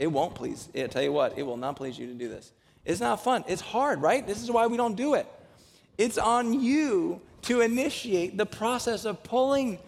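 A man's voice: on the high side, expressive, a little slow, gravelly, long pauses. A man preaching a sermon as pastor to a congregation. He jokes in a conversational way, then presses his point with emphatic exhortation. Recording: long hall reverb.

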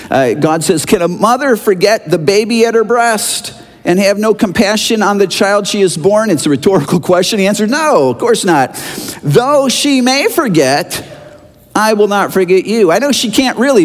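A middle-aged man from Chicago preaching a sermon as pastor, telling stories in a relaxed, conversational way with fillers. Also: a little high. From Chicago, USA. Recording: long reverb of a large hall.

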